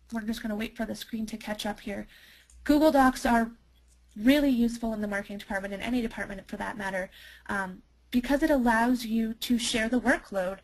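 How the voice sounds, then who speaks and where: A woman working as a marketer, presenting a software demo in an enthusiastic, chatty way with frequent ums. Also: fairly high pitch, rough recording.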